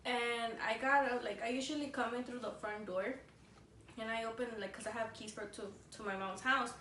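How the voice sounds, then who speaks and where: A young woman with a fairly high voice telling a spooky tale in a loose, rambling way, with plenty of "like" fillers and mid-sentence language switches. She sits a little away from the mic in an echoey room with a faint hiss. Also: fairly even intonation, moderate pace, bright, forceful tone, far from the mic. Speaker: vlogger co-host. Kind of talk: casual storytelling over a meal.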